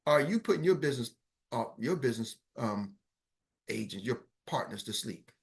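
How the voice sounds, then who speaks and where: A middle-aged man coaching a team in a motivational talk on an online call, energetic and repetitive, often checking that his listeners are with him. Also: medium pitch, normal speed, vocal fry. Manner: energetic, repetitive, keeps asking the audience if they follow. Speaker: business coach.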